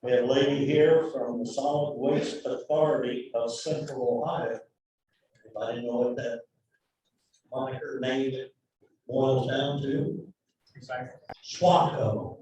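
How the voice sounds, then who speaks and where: A man speaks slowly with a mellow, relaxed tone, introducing a guest in a folksy, unhurried way. He sounds echoey and distant, picked up from across a meeting room with faint room noise underneath. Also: mid-range voice. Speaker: program introducer.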